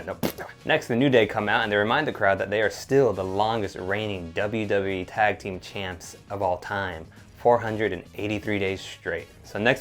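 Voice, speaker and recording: A man co-hosting a casual recap chat, laid-back with chuckling asides. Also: fairly low pitch. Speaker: podcast co-host.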